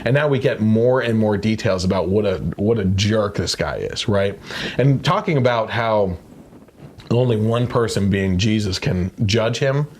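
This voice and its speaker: Low-voiced man on a podcast, indignant. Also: unhurried, a little hiss or hum. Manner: indignant, reads news excerpts aloud. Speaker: podcast host. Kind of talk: casual podcast commentary.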